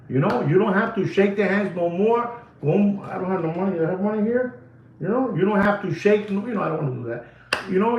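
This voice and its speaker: A man's voice: sits high, reverberant, slight background noise. A man hosting a live watch-sale stream, talking in a rambling, emphatic way and repeating phrases over and over.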